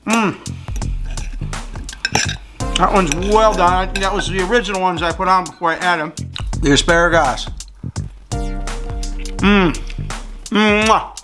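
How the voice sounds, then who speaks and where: A man's voice: high-pitched, steady tone, fast, music in the background. An enthusiastic, chatty man hosting a casual cooking review vlog, sometimes talking while he eats. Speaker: cooking channel host.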